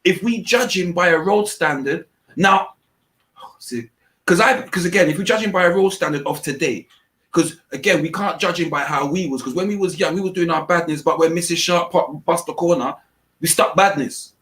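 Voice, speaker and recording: A man's voice: fairly high pitch, normal speed, a bit bright, poor audio. A man hosting a heated panel debate, insistent and holding the floor with rhetorical questions. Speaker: host.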